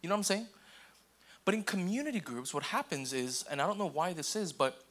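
A man's voice: sits high, lively intonation, a little fast, a bit bright. Casual chatty male pastor preaching. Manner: casual, repeats okay and restarts, acts out quoted voices. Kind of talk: sermon.

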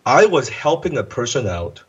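A man with a husky, slightly breathy voice tells an animated story as an interview guest. He jumps into the voices of the people he quotes and drops the odd curse along the way. The recording sounds dull and lo-fi. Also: medium pitch, normal speed. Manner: animated, acts out quoted voices, swears casually. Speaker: guest entrepreneur.

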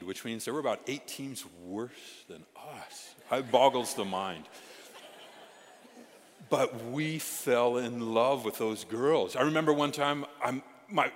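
A middle-aged male pastor telling stories in a sermon, animated, moving from loud exclamations to hushed asides. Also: mid-range voice. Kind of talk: storytelling sermon. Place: church sanctuary. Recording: reverberant hall sound.

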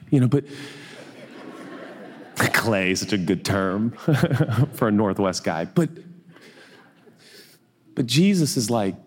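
Speaking slowly with frequent pauses, a pastor from the US Northwest preaches in a fairly low, slightly rough and expressive voice. His style is joking and conversational, with little scenes acted out, and the sound carries a large hall's long reverb.

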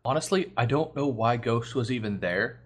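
A man's voice: mid-range voice, expressive, moderate pace, breathy edge. A young man co-hosting a casual podcast chat, making dry, wry asides. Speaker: podcast co-host.

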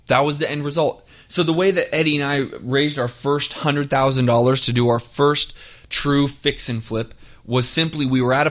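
A man hosting a podcast, talking straight to listeners in a direct, energetic coaching tone and driving his points home by repeating them. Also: mid-range voice. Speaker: podcast host. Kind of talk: motivational podcast monologue.

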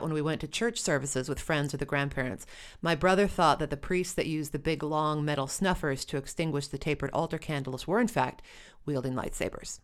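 A woman telling a first-person story with wry, dry humor. Her voice sits low.

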